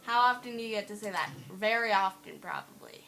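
A woman's voice: medium pitch, animated, brisk, vocal fry, fairly bright tone, a little hiss or hum, rough recording. A woman doing let's play commentary on a horror game at her computer, playful, teasing and giggly. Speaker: gamer playing a horror game. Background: faint game music.

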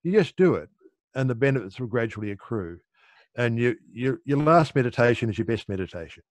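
A man's voice: mid-range voice, expressive, fairly quick, no echo. A middle-aged man explaining meditation in an easygoing, conversational way, often restarting his sentences. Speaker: meditation teacher.

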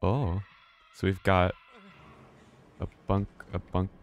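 A man's voice: sits low, level tone, takes it slowly. A man streaming a game live, chatting casually and rambling, often swearing and laughing. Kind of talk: casual live gameplay commentary.

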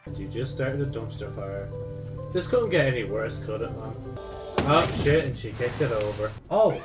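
A man casually commentating on video games, joking, swearing and getting excitable. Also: mid-range voice, moderate pace, loud music behind the voice. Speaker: gaming YouTuber.

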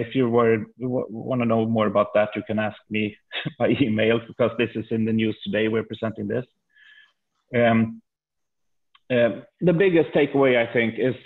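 A man from Sweden, a native Swedish speaker, presents survey findings in a webinar, halting and repeating words often. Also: mid-range voice, creaky. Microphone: video call. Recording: tinny phone-like video call audio.

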